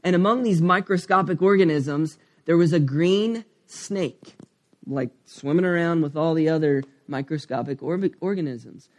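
Male pastor, 30s, candid rambling sermon storyteller with a fairly high voice. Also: moderate pace.

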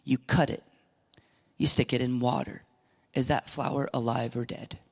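Here a middle-aged man gives a sermon from the pulpit, animated and emphatic, acting out quotations and now and then whispering. His medium-pitched voice moves at normal speed and carries vocal fry with a slightly rough texture.

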